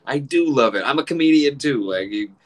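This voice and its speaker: A man's voice: mid-range voice, animated, moderate pace. A middle-aged man and comedian chatting casually, rambling with profanity, laughing often and acting out quoted exchanges. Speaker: comedian, group admin. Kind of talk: casual podcast chat.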